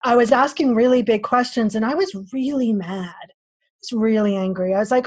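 A woman guest on a podcast, telling lively personal stories and acting out the voices of the people in them. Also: on the high side, normal speed, no room sound. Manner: animated, acts out quoted voices. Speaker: podcast guest, spiritual teacher. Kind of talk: casual storytelling interview.

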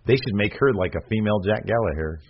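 Rambling, animated male podcast co-host. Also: lowish voice, fast. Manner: animated, rambling with many fillers and restarts. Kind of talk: casual chat. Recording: slightly muffled lo-fi audio.

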